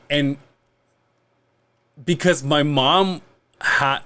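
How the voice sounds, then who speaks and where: A man's voice: medium pitch, measured pace, pauses often. A man from Mexico telling a rowdy story in casual chat, swearing freely and acting out other people's lines. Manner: profane, animated, acts out quoted lines.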